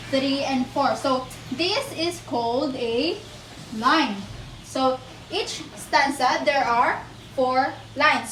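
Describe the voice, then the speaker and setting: Slow, high-voiced woman teaching. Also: fairly bright tone, far from the mic. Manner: slow, step-by-step explaining, addresses class, counts aloud. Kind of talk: teaching demonstration lesson. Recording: echoey room, voice off-mic, faint noise.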